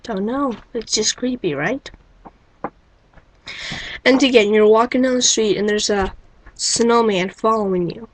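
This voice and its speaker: A woman's voice: fairly high pitch, a little slow, long pauses, noisy background. A woman rambling into her webcam mic at home, wry and incredulous, firing off rhetorical questions. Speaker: vlogger. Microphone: built-in webcam mic.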